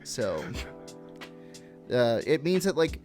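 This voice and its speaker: Young dude on a podcast, mid-pitch voice, rambly and chill, swears a lot, faint music under it. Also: male voice, sing-song, takes it slowly, a little mellow. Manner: rambling, laid-back, swears freely. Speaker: podcast co-host. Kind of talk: casual podcast chat.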